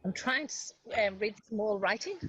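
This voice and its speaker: A woman taking part in an online coaching session, talking in a halting, hesitant way. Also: medium pitch, animated, fairly bright tone, breathy edge, low-quality recording. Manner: hesitant, halting, searching for words. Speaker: coaching participant. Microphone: video call.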